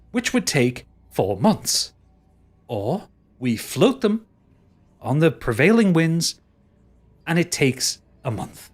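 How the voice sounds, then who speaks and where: A man's voice: on the high side, pitched above the performer's own voice. A man voicing an exasperated male merchant leader who explains himself patiently.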